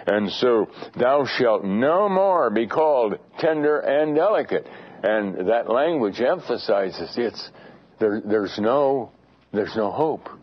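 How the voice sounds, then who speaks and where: A man teaching a Bible study in an earnest, grave way, often repeating words as he restarts his phrases. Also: lowish voice. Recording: dull lo-fi recording.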